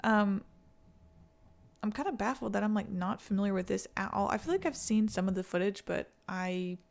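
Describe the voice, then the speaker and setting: Woman stream host, chatty and casual, slightly gravelly voice. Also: medium pitch, normal speed. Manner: chatty, talks to chat, laughs often. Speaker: livestream host. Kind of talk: casual chat reacting to a video.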